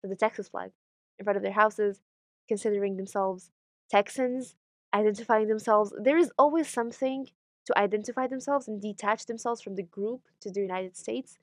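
A young woman from Morocco, speaking candidly in an interview, animated and sardonic, laughing often as she talks. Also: medium pitch, moderate pace, no room sound.

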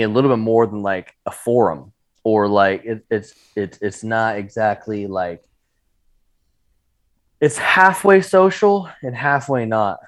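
Male podcast guest from Oregon, lower voice, chatty and upbeat. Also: dry recording. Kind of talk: casual podcast chat.

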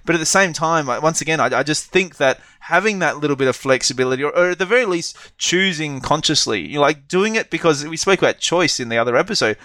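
A man's voice: on the high side, fast talker, few pauses, pushed and bright, no room sound. A man co-hosting a podcast in a casual, reflective chat, rambling a little and restarting his sentences. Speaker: podcast co-host.

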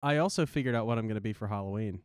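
A man with a Philadelphia-area accent, co-hosting a movie podcast in an animated, chatty way. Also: fairly low pitch, racing, clear, resonant tone, no room sound, studio quality. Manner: animated, laughs a lot. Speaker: podcast co-host. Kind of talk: casual chat.

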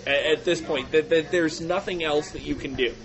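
A man's voice: on the high side, normal speed. A man co-hosting a soccer podcast in casual chat, ranting and repeating himself as he builds a point. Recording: loud crowd behind.

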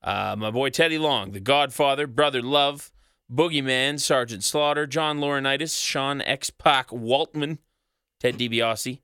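Male podcast co-host, bright forceful voice, dry close sound, swears casually. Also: mid-range voice, unhurried, smooth, no echo. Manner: profane, rattles off long lists.

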